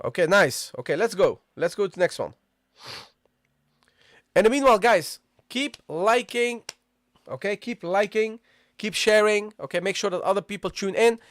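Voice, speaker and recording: A man teaching an online Arabic lesson live, repeating points and checking in with viewers after nearly every phrase, and sounding out letters slowly for them to copy. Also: high-pitched, expressive, dry recording. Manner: repetitive, checks in with "okay?" and "guys"; models pronunciations slowly.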